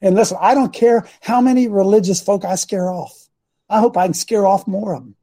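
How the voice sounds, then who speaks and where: A man's voice: sits high, fairly even intonation, fairly quick, dark tone. A man preaching informally to a congregation, blunt and combative, mocking his critics and throwing asides to the room.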